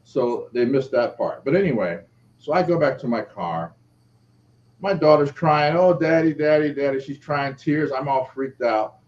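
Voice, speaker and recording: A middle-aged man, an author being interviewed, telling a personal story and acting out the quoted voices. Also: unhurried. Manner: lively, acts out quoted speech with shifting pitch. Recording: dull lo-fi audio with faint background noise.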